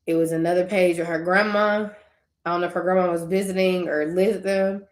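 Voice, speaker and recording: In a roomy-sounding recording, a young woman speaks a little fast in a lowish voice with fairly even intonation. Her personal faith vlog is conversational and tearful, wandering off on tangents as she laughs through tears.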